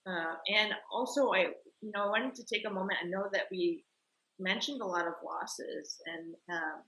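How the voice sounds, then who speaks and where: A woman's voice: mid-range voice, normal speed, poor audio. A woman hosting an interview, speaking earnestly and reflectively to her guest. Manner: earnest, warm-worded, reflective. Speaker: interview host. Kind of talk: conversational interview.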